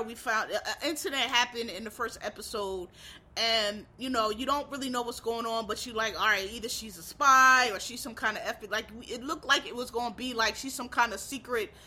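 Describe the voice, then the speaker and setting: A woman's voice: a little high, sharp tone. A woman in casual chat about TV shows, rambling and profane, breaking into exasperated rants.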